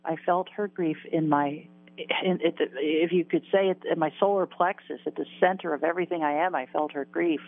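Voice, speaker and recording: A woman's voice: sits low, steady tone, fairly quick. A woman in her sixties, a guest in an interview, recounting a personal near-death story earnestly and emotionally, repeating words and laughing at herself. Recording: tinny phone-line sound.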